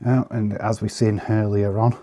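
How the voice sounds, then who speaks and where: A man casually commenting on trading cards in an easygoing, chatty way, pausing often with fillers. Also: fairly low pitch, little pitch movement, mellow. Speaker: vlogger showing trading cards.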